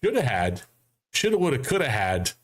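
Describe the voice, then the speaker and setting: A man hosting a casual football fan show for a live audience, animated and mocking, acting out friends he quotes. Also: medium pitch, normal speed. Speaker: sports fan show host. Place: home studio setup.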